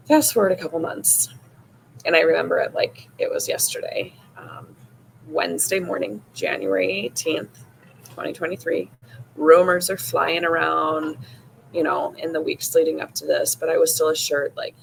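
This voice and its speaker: Woman, podcast host, casual storytelling, gravelly voice, faint background noise. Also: fairly low pitch, moderate pace, rough recording. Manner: casual, frequent "like" and "you know", retelling with rising emotion. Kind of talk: personal storytelling monologue.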